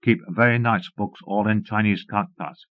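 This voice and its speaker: A man's voice: lowish voice, fairly even intonation, moderate pace, no echo, lightly acted. A man reading aloud, voicing a tolerant, wry shopkeeper who speaks broken English. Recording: muffled phone-like cassette audio.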